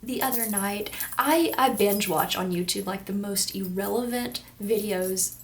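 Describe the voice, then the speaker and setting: A woman's voice: medium pitch, unhurried, a little hiss or hum. A woman in her twenties with a Kentucky accent, rambling and giggling as she vlogs casually to the camera with a runny nose. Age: 20s. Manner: rambling, giggly, self-deprecating. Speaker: vlogger. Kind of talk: casual talking-to-camera vlog.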